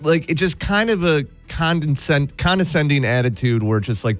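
A man's voice: a little high, moderate pace, faint music behind. A man co-hosting a sports talk show, giving blunt opinions and teasing his co-hosts. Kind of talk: casual sports banter.

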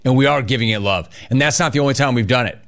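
Guy hosting sports radio, middle pitch, talks fast in bursts, reads the chat, high energy. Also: fairly bright tone, slight background noise. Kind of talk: casual sports talk radio.

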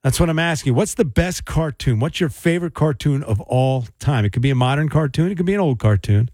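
A man's voice: on the high side, lively intonation, brisk, a little mellow, no echo, clean studio sound. A man hosting a call-in radio show, chatting loosely with many fillers and restarts. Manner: rambling, hesitant with fillers. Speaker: radio host.

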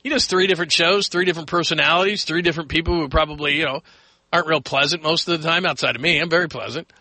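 A man's voice: on the high side, rapid-fire, bright, forceful tone, no echo. A man hosting a late-night sports radio show from a studio, chatting loosely with plenty of fillers and restarts. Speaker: radio sports talk host.

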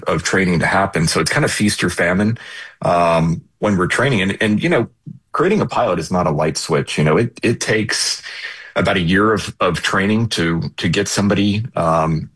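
A man with a low, husky voice speaks as a guest on a radio show. He talks haltingly, with frequent fillers and restarts. He comes across as a former airline pilot explaining his field. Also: a bit bright. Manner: hesitant, many fillers and restarts.

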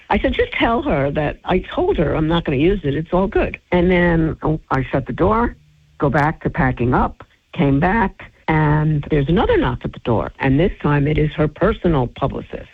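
A woman, an entertainment reporter, tells a lively story in an interview and acts out what each person said with sudden jumps in pitch. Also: a little fast, slightly rough. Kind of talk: animated anecdote in an interview. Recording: tinny phone-line audio.

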